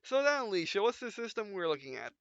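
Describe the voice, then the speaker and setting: A man voicing a calm, direct male starship captain, reading game dialogue. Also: sits high, fast, no echo. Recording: dull lo-fi dry recording.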